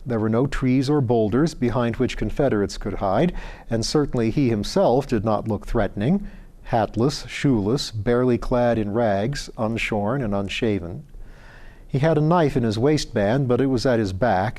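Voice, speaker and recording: A man reading a story aloud in a calm, measured narration. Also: mid-range voice. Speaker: audiobook reader.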